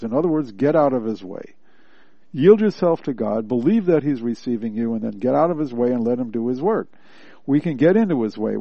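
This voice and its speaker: A man's voice: medium pitch, dry recording. Earnest male preacher, plain-spoken devotional teacher, close and dry on a muffled lo-fi track. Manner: earnest, plainspoken, repeats points for emphasis. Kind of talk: devotional teaching, reading and explaining a text. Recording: dry, slightly dull lo-fi recording.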